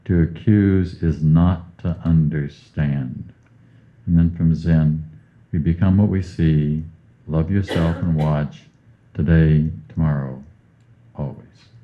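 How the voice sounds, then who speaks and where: Male host, very low voice, unhurried reader, phone-quality sound. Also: fairly even intonation. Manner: unhurried, reads passages aloud slowly. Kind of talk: spiritual conversation. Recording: tinny phone-like line.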